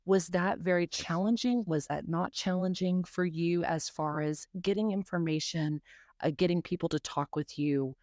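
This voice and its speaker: A woman's voice: lowish voice, normal speed, darkish tone, no room sound, clean studio sound. A woman from North Carolina co-hosting a podcast, asking casual interview questions in a chatty way with lots of fillers. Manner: chatty, many fillers and asides. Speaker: podcast co-host.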